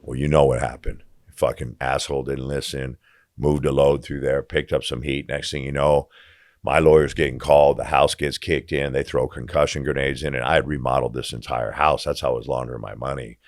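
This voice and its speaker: A man's voice: extremely low pitch, little pitch movement, fairly quick, dry recording, clean studio sound. A man telling his story as a podcast guest in blunt, profane casual talk, acting out the dialogue as he goes.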